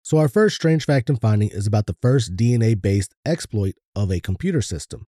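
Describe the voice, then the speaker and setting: Laid-back man with a dark voice. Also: lowish voice, animated, a little fast, hardly any pauses, no echo, clean studio sound. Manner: laid-back, swears casually. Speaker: podcast co-host. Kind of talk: casual podcast chat.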